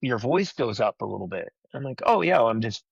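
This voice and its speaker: A man who is a podcast guest, explaining things in a measured, casual way. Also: mid-range voice, very animated, creaky, breathy edge, no echo. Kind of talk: casual chat. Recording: dull lo-fi call audio.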